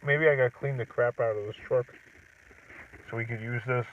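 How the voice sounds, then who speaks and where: A middle-aged man chatting casually on a livestream, rambling, clearing his throat and chuckling as he talks from his truck. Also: mid-range voice, steady tone, fairly quick, far from the mic, slight background noise. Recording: tinny phone-like audio from off-mic.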